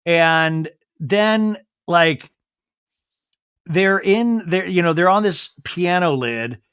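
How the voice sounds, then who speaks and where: A man's voice: high-pitched, slow, clear, resonant tone, dry recording, studio quality. A young man hosting a comedy podcast, recapping a film with camp, mocking humor and quoting scenes in silly voices. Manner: animated, camp, mocking, swears freely. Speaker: podcast host.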